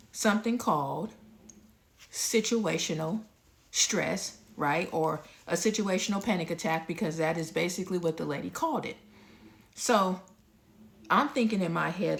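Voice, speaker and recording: A woman in her thirties tells her own story in a loose, candid way, often speaking to her viewers directly. Her voice sits a little low and has a thick gravelly fry all through it. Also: animated, measured pace. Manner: candid, talks straight to viewers.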